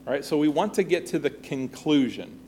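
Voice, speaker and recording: A man's voice: on the high side, lively intonation, brisk, mellow, a little hiss or hum. Conversational man teaching a Bible class. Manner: conversational, often checks with "all right?" and "right?".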